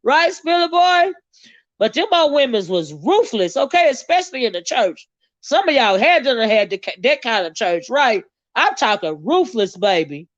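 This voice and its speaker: A Southern woman hosts a casual livestream, talking straight to her viewers. She is sassy, laughs often and draws out her exclamations. Her voice sits a little high, and the recording sounds dry and a bit muffled. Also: big pitch swings, moderate pace, dry recording. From American South. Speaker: livestream host reading viewer comments. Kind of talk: casual chat.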